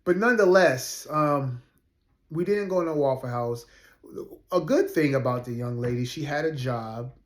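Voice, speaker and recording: A man in his forties tells a personal story in a loose, conversational way, often doubling back and filling pauses. His voice sits at an ordinary middle pitch. The recording has a noticeably roomy echo. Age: 40s. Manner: earnest, rambling, with many fillers and restarts. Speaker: rideshare driver telling a personal story. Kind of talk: casual storytelling to camera.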